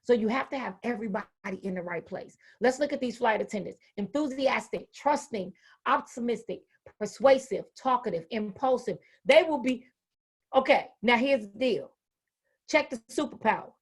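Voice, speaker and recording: High-voiced, lively woman educator speaking. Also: normal speed, breathy edge. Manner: animated, folksy, acts out quoted voices. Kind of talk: motivational talk.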